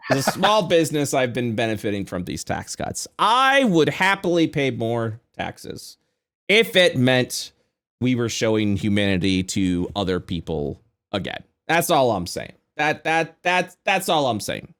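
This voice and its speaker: A man's voice: mid-range voice, big pitch swings, normal speed, fairly bright tone. A man co-hosting a podcast in casual chat, rambling and swearing, with frequent stammering restarts. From Florida, US. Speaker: podcast co-host.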